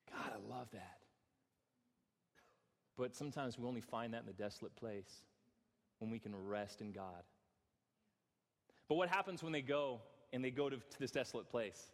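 A man's voice: mid-range voice, moderate pace, pauses often. A male pastor giving an earnest, self-deprecating sermon, often stumbling over repeated words. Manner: earnest, self-deprecating, frequent stammered restarts. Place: church hall. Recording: reverberant church hall.

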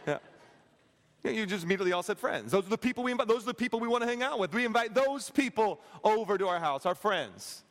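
A man preaching a sermon as pastor, animated and joking with his congregation, acting out voices. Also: sits high, fast talker. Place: large church hall. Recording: echoey church hall.

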